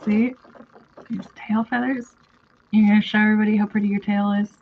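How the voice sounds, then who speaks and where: A woman's voice: mid-range voice, little pitch movement, brisk, phone-quality sound, a little hiss or hum. A woman talking to her pet bird in a casual vlog, coaxing it in a sing-song baby-talk voice, recorded at home. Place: home room by a window.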